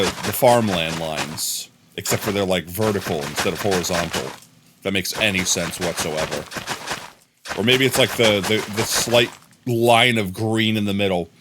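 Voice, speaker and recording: A man livestreaming a game, chatting casually with his viewers in a rambling, jokey way that often trails off into a low mumble. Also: moderate pace, background noise. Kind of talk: casual live-stream chat with viewers.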